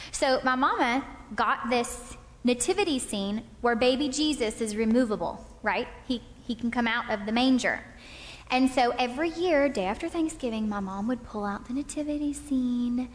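A woman's voice: a little high, moderate pace. A woman in her thirties speaking to an audience, telling personal anecdotes and checking in with "okay?". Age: 30s. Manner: warm anecdotal, frequent "okay?" check-ins. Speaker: speaker at a couples' talk. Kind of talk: storytelling talk to an audience. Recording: long hall reverb.

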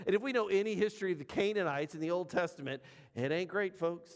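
A man preaching a sermon as pastor, talking in a conversational way with emphatic pauses. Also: high voice, long reverb tail.

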